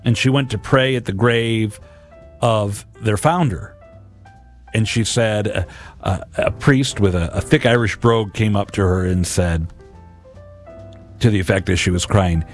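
A man in his forties giving an earnest devotional talk about scripture, often pausing and restarting his sentences. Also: lowish voice, faint music behind. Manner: earnest, halting, with many restarts. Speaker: Catholic speaker.

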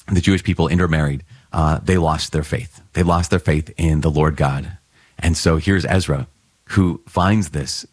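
A man's voice: low-pitched, slightly rough, dry recording. A man giving a conversational homily on scripture readings, earnest and plain-spoken with fillers and light laughs. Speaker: priest.

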